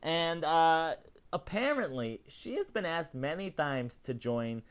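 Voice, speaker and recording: A man hosting a casual celebrity news show, chatty and animated, often tagging his lines with "okay?". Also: a little high, slow, smooth. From not British. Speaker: host.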